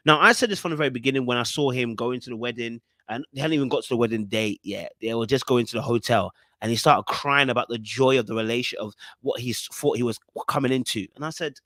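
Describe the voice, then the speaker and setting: A man's voice: mid-range voice, fast talker, fairly bright tone, dry recording, studio quality. A young man hosting a podcast, giving an emphatic casual monologue and often checking in with his listeners. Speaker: podcast host reviewing a reality show.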